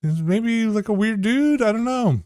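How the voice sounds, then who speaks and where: A man quoting a calm, unfazed wife. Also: high-pitched, normal speed, no echo, studio quality, pitched above the performer's own voice. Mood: unbothered. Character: calm unbothered wife, a woman.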